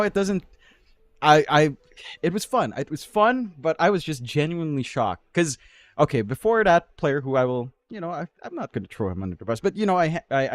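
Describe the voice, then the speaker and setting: A man's voice: fairly high pitch, dry recording. A man from the Philippines working as an esports caster, chatting casually and teasing his co-caster. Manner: joking, playful teasing. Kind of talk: casual chat between casters.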